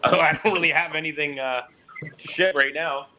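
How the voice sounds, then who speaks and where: A man's voice: on the high side, brisk, background noise. A man from Canada chatting casually, acting out both sides of the conversations he tells. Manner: animated storyteller, acts out both sides of conversations. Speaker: fish keeper on a live chat. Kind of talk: casual chat.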